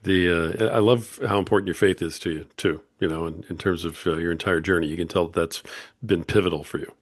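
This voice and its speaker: A man's voice: low-pitched, steady tone, brisk, no echo, clean studio sound. A man hosting a podcast interview, affirming his guest and laughing easily. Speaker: podcast host. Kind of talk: interview chat.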